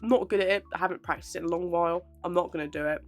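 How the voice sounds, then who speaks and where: A woman's voice: fairly low pitch, fairly even intonation, very fast, soft background music. A 21-year-old woman, chatting casually to camera in a self-deprecating way and laughing often. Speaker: aspiring actress vlogger.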